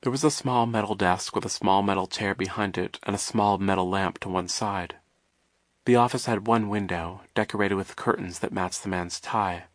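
A narrator with a lowish voice reads an audiobook with wry, measured delivery. The recording is close and dry, without any room sound.

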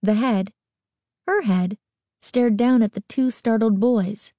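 A woman narrating a spooky story as an audiobook, expressive and suspenseful. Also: a little high, takes it slowly, no room sound, studio quality.

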